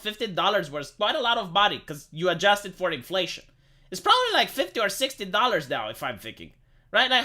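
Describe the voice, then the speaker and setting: A high-pitched, pushed, bright voice belongs to a Romanian man ranting casually to viewers on a live stream. He swears a lot and stammers over repeated words when he's agitated.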